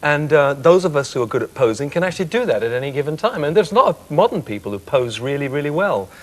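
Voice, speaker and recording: A man in his fifties, a singer guest on a chat show, reflecting candidly on his career in a thoughtful, soft-spoken way. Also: on the high side, very animated, fast talker.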